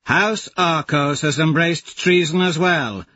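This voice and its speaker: A male audiobook narrator voicing a fierce woman warrior who shouts taunting challenges. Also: fairly high pitch, takes it slowly, no room sound, muffled recording, pitched above the performer's own voice, exaggerated voice. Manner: loud, challenging calls.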